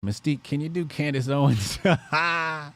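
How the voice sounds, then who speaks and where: A man's voice: a little high, moderate pace, fairly bright tone. A man hosting a livestream, joking crudely and reacting to his chat. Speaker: livestream host.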